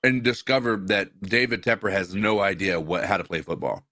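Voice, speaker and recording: A man with a lowish but bright, forceful voice co-hosts a sports podcast. He talks haltingly, restarting and filling gaps with "uh" and "like." The sound is close and dry. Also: no room sound. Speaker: podcast co-host. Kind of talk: casual sports chat.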